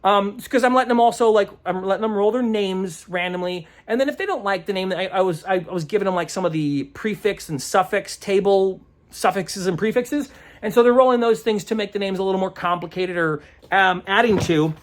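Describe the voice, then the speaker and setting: A man's voice: sits high, brisk. Man, game master type, loose rambling recap, stops to hunt for the right word, chuckles a lot. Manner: rambling, searching aloud for words; chuckles often. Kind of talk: casual vlog recap.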